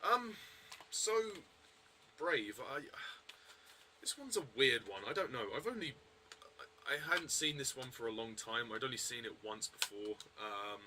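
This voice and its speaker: A man's voice: medium pitch, lively intonation, unhurried, long pauses, bright, forceful tone, slight background noise, rough recording. A man giving a casual, rambling film review, full of hesitations and restarts.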